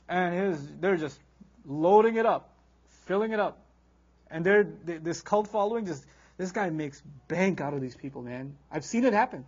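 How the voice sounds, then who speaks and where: A man teaching a Quran lecture in an animated, conversational way, reciting Arabic verses quickly between casual explanations. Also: sits high, husky, muffled recording.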